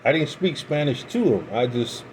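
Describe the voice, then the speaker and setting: A man's voice: medium pitch, very animated, slight background noise, poor audio. Rambling American man telling old stories. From United States. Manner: rambling, halting with restarts. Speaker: pipe-smoking vlogger. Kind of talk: casual storytelling.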